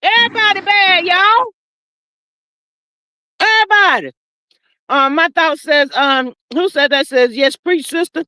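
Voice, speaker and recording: A woman's voice: extremely high pitch, measured pace, pauses often, sharp tone, no echo. A woman in her fifties hosting a casual live-stream talk show, chatting and reading viewer comments aloud.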